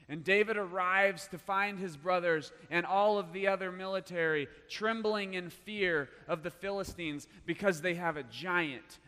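A man preaching a sermon, telling a story with big swings between loud bursts and hushed lines. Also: fairly high pitch. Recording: long hall reverb.

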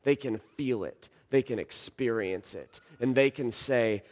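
A man in his thirties preaching a sermon, telling a story and swinging from hushed lines to shouts. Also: medium pitch, measured pace. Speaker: pastor. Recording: long reverb of a large hall.

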